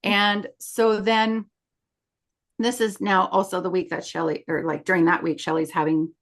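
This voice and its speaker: A woman's voice: on the low side, little pitch movement, normal speed. A middle-aged woman co-hosting a podcast, telling a story in casual chat and acting out the quoted lines of others. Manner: chatty, acts out quoted dialogue. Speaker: podcast co-host.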